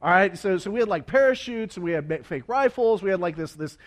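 Man, preacher, high voice, animated storytelling, frequent restarts, acted-out quotes. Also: fast talker. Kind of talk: storytelling sermon to a congregation.

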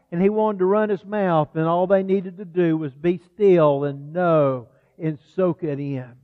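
High-voiced preacher in an echoing hall. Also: male voice. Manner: conversational preaching, slows for emphasis. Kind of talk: sermon. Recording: tinny phone-like sound with long hall reverb.

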